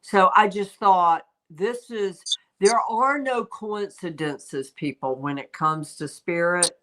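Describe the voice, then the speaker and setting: A woman's voice: fairly low pitch, slow, a bit bright. A woman hosting a livestream as a psychic medium, telling a rambling story in casual chat and stopping now and then to talk to her pet.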